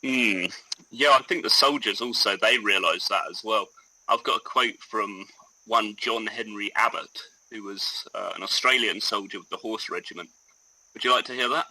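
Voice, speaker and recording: A man's voice: fairly low pitch, moderate pace, sharp tone, breathy edge, poor audio. A man co-hosting a casual history podcast, explaining events with enthusiasm. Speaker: podcast co-host.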